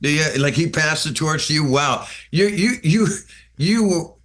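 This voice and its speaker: A man's voice: on the high side, expressive, measured pace, a bit bright. A man, a rock singer being interviewed, teasing the host with sarcastic, playful banter. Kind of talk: casual interview chat.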